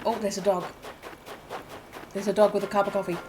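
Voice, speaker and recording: A woman in her fifties from Essex, with an Essex English accent softened by her mother's corrections. She chats casually as she plays a game, thinking aloud with ums and quick self-corrections. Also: mid-range voice, little pitch movement, low-quality recording. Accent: Essex English, softened by parental correction. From England, Essex. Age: 50s. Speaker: game streamer. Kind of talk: casual gameplay commentary.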